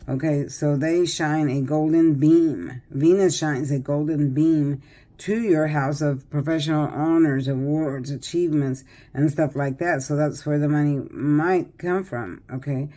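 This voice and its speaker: Low-pitched, a little slow and dark in tone, the voice belongs to an older tarot reader who is weary and yawning. Her casual reading wanders chattily, with plenty of fillers and false starts.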